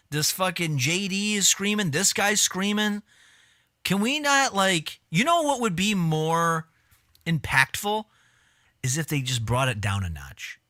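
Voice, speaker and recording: A man's voice: fairly high pitch, pushed and bright, no echo, studio quality. A man streaming a casual reaction commentary, talking bluntly with frequent swearing and mocking asides.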